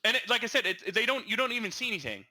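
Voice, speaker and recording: Rapid-fire and high-voiced, this young podcast co-host stumbles through animated stories in a casual chat, full of stammers and restarts. The audio is poor.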